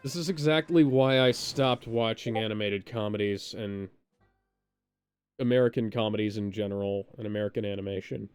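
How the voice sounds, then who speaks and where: A sardonic podcast co-host with a smooth, resonant voice, giving casual, profane reaction commentary. The rants run on, broken up by mocking fake laughter, and the sound is dry and close. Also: medium pitch, moderate pace, a little mellow, no echo.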